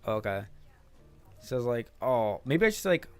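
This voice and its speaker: A man's voice: medium pitch, sing-song, unhurried, a little mellow, clear, resonant tone, soft background music. A man streaming live, chatting casually with his chat and translating manga. He laughs often, swears, and calls people "dog" and "man.".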